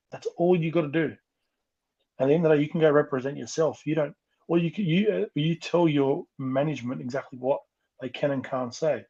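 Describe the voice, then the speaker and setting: An Australian man talks fast and heated, piling up repeats as he rants. His voice is dark and husky. It comes through a dull, lo-fi call line. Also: on the high side. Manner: impassioned, ranting, repeats himself. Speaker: rugby league coach guest. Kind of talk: opinionated podcast chat over a call. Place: remote call.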